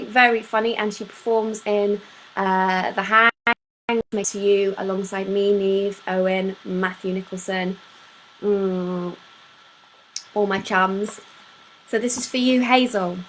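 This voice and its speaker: A woman's voice: medium pitch, slight background noise, low-quality recording. A woman hosting a live stream at home, chatting to viewers by name and reading poems aloud with playful emphasis. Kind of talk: casual chat and poetry reading.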